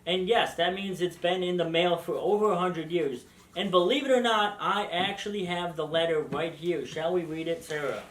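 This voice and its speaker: A man hosts a comic news show, reading absurd items in a deadpan way. His voice is somewhat high and carries a roomy echo. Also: moderate pace, few pauses. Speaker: news host.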